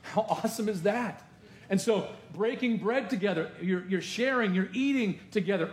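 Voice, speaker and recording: A male pastor preaching a sermon to his congregation in a lively, conversational way, with asides to the room. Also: sits high, normal speed, roomy sound. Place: church sanctuary.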